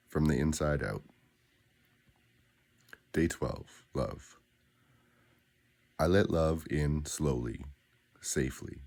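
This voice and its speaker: A man guiding listeners through spoken daily affirmations, with a slow, deliberate, grounded delivery and pauses between phrases. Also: extremely low pitch, gravelly, a little mellow. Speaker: affirmation guide.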